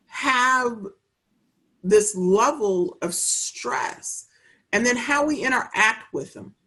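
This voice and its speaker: Guesting in a conversational interview, a child welfare manager talks earnestly and at a measured pace, often repeating phrases to stress them. Her voice is mid-range and fairly bright.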